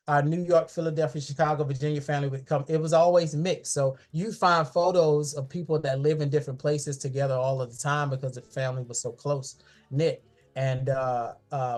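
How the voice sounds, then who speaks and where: A man's voice: on the high side, a little mellow. Man giving a fond talk. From Columbia, South Carolina. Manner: fond, personal, with frequent restarts. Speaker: guest speaker. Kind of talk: online history talk showing family photos. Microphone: video call.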